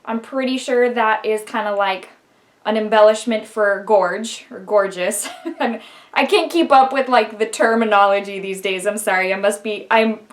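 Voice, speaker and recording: A middle-aged woman with a slightly raised pitch talks casually through an eyeshadow tutorial. She rambles a little, laughs often, and drops in "um" and "like" as she goes. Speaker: beauty vlogger.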